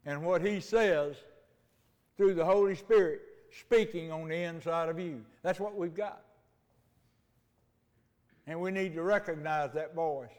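Older man, high-pitched voice, folksy preacher, long church-hall reverb. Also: darkish tone. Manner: homespun storytelling, slows for emphasis. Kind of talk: folksy sermon. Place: church sanctuary. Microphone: mic.

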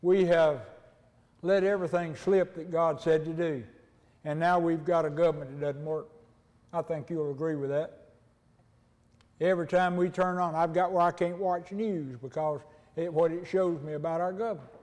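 A man's voice: fairly high pitch, fairly even intonation, moderate pace, darkish tone. An older man preaching a folksy, conversational sermon and acting out little dialogues. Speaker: pastor. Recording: long hall reverb.

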